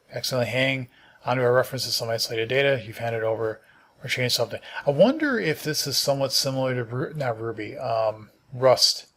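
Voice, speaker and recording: A middle-aged man at a mid-range pitch talks through programming notes on a casual stream, his voice carrying a gravelly edge. He sounds tired and yawning. He reads passages aloud, then trails off into thinking aloud with fillers and false starts. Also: a bit bright. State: sleepy, yawning. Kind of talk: casual live-coding stream, reading docs aloud.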